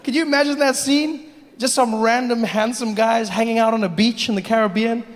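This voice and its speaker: A man from Africa doing stand-up comedy, animated and mocking as he builds to each punchline. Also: very high voice, brisk. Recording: live hall with audience.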